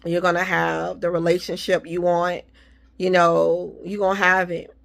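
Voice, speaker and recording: Reassuring woman with a lowish voice. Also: little pitch movement, a little slow, vocal fry, fairly bright tone. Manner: repetitive, reassuring, faith-filled. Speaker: vlogger giving encouragement. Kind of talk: casual motivational talk.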